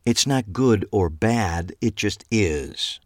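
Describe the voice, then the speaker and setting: A male audiobook narrator voicing a wry, deadpan woman police detective. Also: on the low side, slow, no echo, clean studio sound. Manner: deadpan, matter-of-fact.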